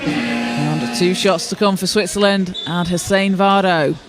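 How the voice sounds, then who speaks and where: A male play-by-play commentator calls a basketball game live from courtside. His voice sits high for a man, and his delivery is steady and informative. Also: unhurried, music in the background. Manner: steady, informative, with occasional restarts.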